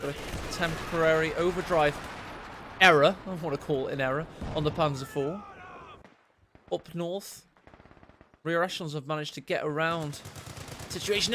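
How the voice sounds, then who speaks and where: High pitched guy casting a strategy match, jokey, over gunfire. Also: moderate pace, pauses often, background noise. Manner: excitable, cheeky, jokes at co-caster. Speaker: game commentator. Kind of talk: live game commentary. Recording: loud game battle sounds behind.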